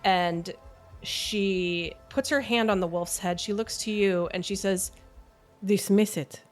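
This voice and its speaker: A woman running a tabletop game as game master, narrating scenes in a vivid, steady way. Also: medium pitch, unhurried, soft background music.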